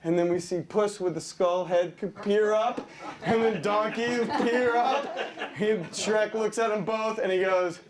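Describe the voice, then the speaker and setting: A man pitching a storyboard scene, animated and laughing as he acts out voices and sound effects. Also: a little slow, over a noisy crowd.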